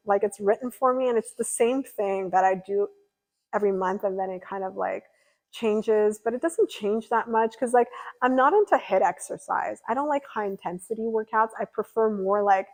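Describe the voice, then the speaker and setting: A woman's voice: a little high, normal speed, poor audio. Chatty young woman livestreamer. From California. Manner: chatty and rambling, lots of fillers. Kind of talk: casual chat reading viewer comments.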